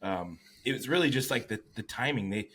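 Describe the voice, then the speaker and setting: A man and competing bodybuilder, co-hosting a casual podcast, telling stories with lots of swearing and animated quoting of others. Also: medium pitch, a little fast, husky. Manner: profane, animated storytelling.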